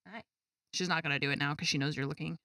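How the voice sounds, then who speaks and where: A woman's voice: sits low, steady tone, very fast, sharp tone, no room sound, clean studio sound. A woman streamer chatting casually to her viewers at her gaming desk at home, exasperated and swearing freely. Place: home gaming setup with a cat.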